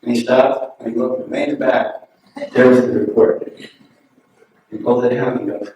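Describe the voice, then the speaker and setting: A man giving an anecdotal remembrance at a memorial gathering, telling relaxed stories and chuckling often. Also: mid-range voice, normal speed, dull audio. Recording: very echoey hall, distant mic, noisy.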